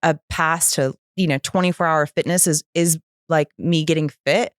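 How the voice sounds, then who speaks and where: A woman in her thirties, a podcast guest telling a candid personal story and acting out the voices of others with lively pitch jumps. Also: moderate pace, dry recording, studio quality. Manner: animated, acts out quoted voices with pitch jumps.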